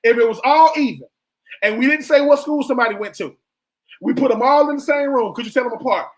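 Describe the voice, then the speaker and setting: A man's voice: very high voice, fast. A man co-hosting a sports radio show, a former college football player making his case with emphatic, repeated points.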